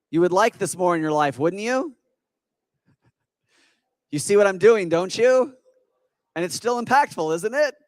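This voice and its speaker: A man giving an energetic, persuasive stage talk at a business expo, quizzing the audience with rhetorical questions. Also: sits high, no echo. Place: conference hall with audience.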